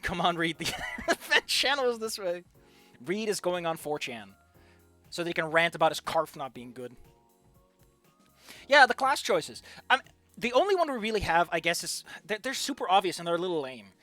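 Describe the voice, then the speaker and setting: In a sing-song, mid-range voice at normal speed, a non-native English streamer chats over a game and makes self-deprecating jokes, faint music in the background. The recording is dry, and the talk swings from loud outbursts to mumbling.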